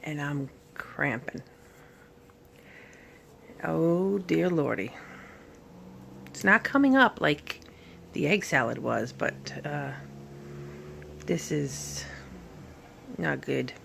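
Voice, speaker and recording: A woman vlogging at home while recovering from surgery, tired and in pain, talking in a halting, rambling way full of fillers and restarts. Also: sits low, animated, vocal fry, fairly bright tone, slight background noise. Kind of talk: casual recovery vlog. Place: at home, sitting in bed.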